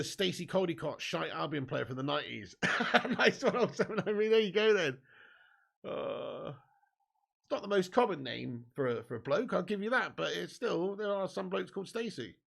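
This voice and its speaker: A man's voice: on the high side, vocal fry. A young man hosting a live football watch-along, giving commentary and reading viewer comments. He swears a lot, laughs often and banters with his viewers. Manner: gets excited at chances and goals.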